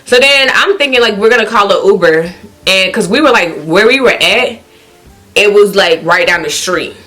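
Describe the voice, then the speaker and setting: A woman with a Southern country accent telling a story on her vlog, animated and acting out what people said in high, excited exclamations. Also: moderate pace, soft background music. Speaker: vlogger.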